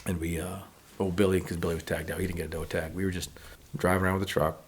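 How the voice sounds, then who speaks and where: Guy rattling off stories fast, low raspy voice, does little voices for people. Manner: animated, acts out quotes of others. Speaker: podcast guest. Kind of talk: casual storytelling.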